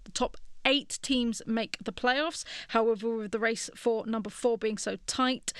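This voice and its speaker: A woman co-hosting a casual sports podcast, frank and wry in her takes. Her voice sits a little high, recorded close and dry. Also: no room sound. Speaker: podcast co-host.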